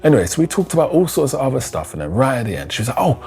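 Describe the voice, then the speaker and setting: A man, telling a personal story in a loose, slangy, animated way. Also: mid-range voice, racing, creaky, faint music behind. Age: 30s. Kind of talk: casual spoken storytelling.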